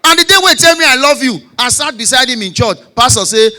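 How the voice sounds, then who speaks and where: A man in his forties with a Nigerian Pidgin English accent, telling stand-up comedy stories, shouting punchlines and dropping low for asides. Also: lively intonation, fast, slight background noise. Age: 40s.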